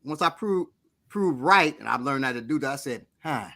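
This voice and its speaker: A man's voice: medium pitch, normal speed. A middle-aged man co-hosting a casual talk show, telling funny stories animatedly and laughing often. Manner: animated storyteller, laughs a lot. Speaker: podcast co-host. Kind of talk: casual chat.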